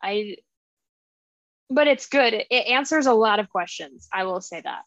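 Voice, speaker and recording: Gravelly young woman on a dull, dry mic. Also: mid-range voice, moderate pace, no room sound. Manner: animated, quotes characters in voices. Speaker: podcast co-host. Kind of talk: casual book chat.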